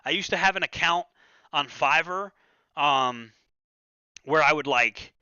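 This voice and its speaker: A man's voice: on the high side, unhurried, pushed and bright, clean tone, no echo, muffled recording. A man hosting a livestream, chatting casually and loosely, with plenty of swearing and stammered restarts. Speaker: livestream host. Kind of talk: casual rambling livestream chat.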